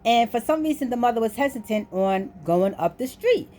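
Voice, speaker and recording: Animated woman telling a story. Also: fairly high pitch, fairly quick, a little hiss or hum. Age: adult. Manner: animated, voices the people in her story. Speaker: vlogger. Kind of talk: casual storytelling.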